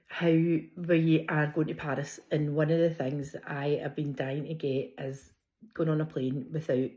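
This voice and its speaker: A middle-aged woman from Scotland with a broad Glasgow accent vlogs straight to camera in a relaxed, chatty way. Her voice is low for a woman, and she laughs easily while telling her stories in this casual personal vlog.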